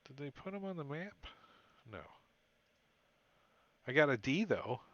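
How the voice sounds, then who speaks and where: A man's voice: a little high, very animated, a little slow, fairly bright tone, no room sound, dull audio. A man narrating a tabletop game as game master, casual with many fillers.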